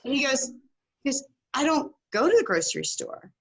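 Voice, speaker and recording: A middle-aged woman, a guest on a podcast, tells a casual story in a high, creaky voice at normal speed. She's animated, acting out the voices of the people she quotes.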